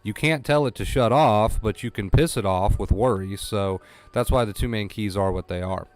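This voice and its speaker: A man's voice: on the low side, moderate pace, faint music behind. A man coaching viewers through anxiety recovery on a live stream, blunt and repeating himself for emphasis. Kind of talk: live-stream talk to chat.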